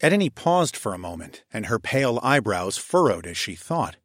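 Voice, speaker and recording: A man narrating a first-person audiobook in a calm, measured way. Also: on the low side, no room sound, clean studio sound.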